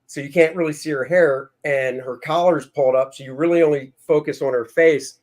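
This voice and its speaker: A man's voice: fairly high pitch, steady tone, a little fast, a little mellow. A middle-aged man hosting a casual talk show, easygoing and agreeable. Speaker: host. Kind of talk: casual chat.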